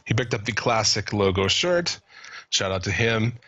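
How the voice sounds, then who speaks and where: Profane, laughing podcast co-host. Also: male voice, lowish voice, animated, moderate pace, no echo, dull audio. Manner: profane, laughing, reads listener shout-outs. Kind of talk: casual podcast chat.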